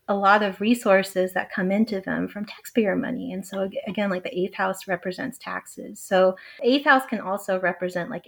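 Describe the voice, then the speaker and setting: A woman astrologer explaining a chart in casual chat, talking loosely with constant "like" fillers and quick giggles. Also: mid-range voice, gravelly. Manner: chatty, heavy use of "like", giggly. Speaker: astrologer guest.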